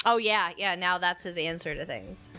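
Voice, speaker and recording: A young adult woman chatting casually on a stream, telling animated stories and laughing often. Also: lowish voice, moderate pace, soft background music. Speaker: streamer co-host. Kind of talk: casual chat.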